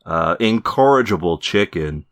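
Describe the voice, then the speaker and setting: Male host, deep pitch, loose chat, drops fillers, dry wit. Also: animated, measured pace, heavy background noise. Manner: wry, hesitant with fillers. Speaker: podcast host. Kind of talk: casual chat.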